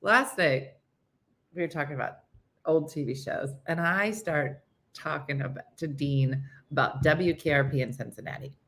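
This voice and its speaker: A woman's voice: low-pitched, normal speed, a bit bright. A woman hosting a casual morning chat show, rambling through stories, laughing at them and losing her train of thought.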